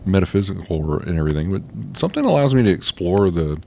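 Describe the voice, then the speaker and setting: Man, from Alabama, very low pitch, lively intonation, wry, self-mocking. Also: fast talker, vocal fry, slight background noise. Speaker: podcast co-host. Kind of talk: casual podcast chat.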